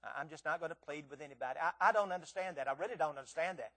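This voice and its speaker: A man in his sixties delivers a sermon in a high voice, pleading earnestly with the congregation. He often stammers and doubles his words as he presses his point. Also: very fast, few pauses, fairly bright tone. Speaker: visiting preacher.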